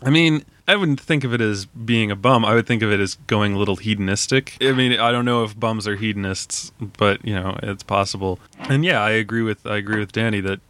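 A man's voice: on the low side, brisk, hardly any pauses, a bit bright. A man hosting a casual podcast about a film, talking in a hesitant way with frequent laughs and fillers. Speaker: podcast host.

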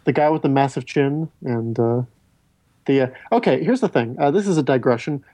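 Male podcast host, rambling and talkative, warm mellow timbre. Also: mid-range voice, lively intonation, a little fast, dry recording. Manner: rambling, self-interrupting, stammers on restarts. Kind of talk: casual film discussion.

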